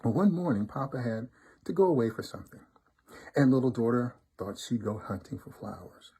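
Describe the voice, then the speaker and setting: A man reads a folk tale aloud in an expressive, rhythmic way. His voice is warm and mellow with a slightly husky texture. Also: medium pitch, fairly quick. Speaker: storybook reader, fraternity member.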